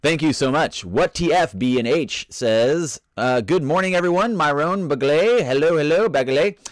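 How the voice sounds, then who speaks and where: Male streamer, casual and self-mocking, very animated pitch, dry close-miked sound. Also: measured pace, no echo. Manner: playful, rambling, self-mocking, reads out chat comments. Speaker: live stream host. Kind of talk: casual live stream chat, greeting viewers.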